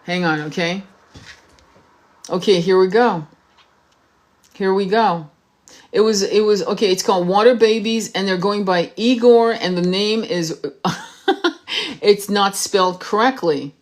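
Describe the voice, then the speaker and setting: A woman's voice: mid-range voice, unhurried, long pauses. A woman hosting a casual livestream, talking while searching online, distracted and swearing, with many restarts. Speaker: tarot reader livestream host.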